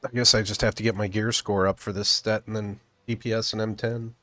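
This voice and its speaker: A man's voice: fairly low pitch, a little fast, no echo. A man casually commenting on his own gameplay, thinking aloud as he plays. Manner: relaxed, thinking aloud while playing. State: chewing food. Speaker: game streamer.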